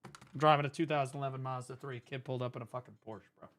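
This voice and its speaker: A man, a former teacher, chatting casually on stream and telling stories, profane and animated. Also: medium pitch, fast. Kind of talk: casual stream chat and storytelling.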